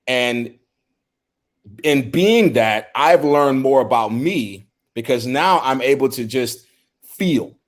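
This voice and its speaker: A middle-aged man with an expressive, mid-range voice co-hosts a podcast at a slow pace. In casual discussion he speaks earnestly and from the heart, often restarting his words.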